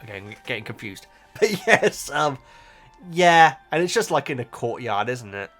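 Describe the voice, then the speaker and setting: A man's voice: medium pitch, very animated, moderate pace, a bit bright, soft background music. A man chatting casually as a YouTuber answering viewer comments, often stumbling and correcting himself. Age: adult. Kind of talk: casual reaction chat.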